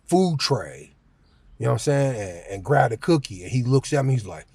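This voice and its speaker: A man with a gravelly, husky voice tells a casual story in loose, slangy speech. He keeps dropping in filler phrases and chuckles as he goes. His pitch sits in the middle range. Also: big pitch swings, moderate pace, warm tone, dry recording. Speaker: vlogger.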